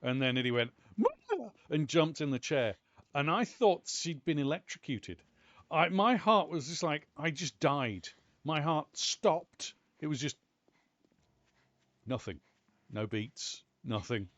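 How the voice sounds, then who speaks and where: British guy rambling over a game, animated, bit high-pitched. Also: measured pace, dry recording, highs cut off. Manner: animated, chatty storytelling with exclamations. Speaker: gaming channel host. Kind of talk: casual gameplay commentary.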